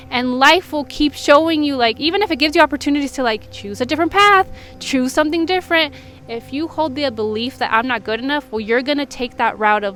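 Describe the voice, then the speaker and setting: A woman with a high, light voice talks through a candid personal vlog, earnest and emotional as she opens up. She works as a reader and healer and speaks in a confessional way. Faint music drifts in from somewhere nearby. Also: a bit bright. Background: faint music from a neighbor.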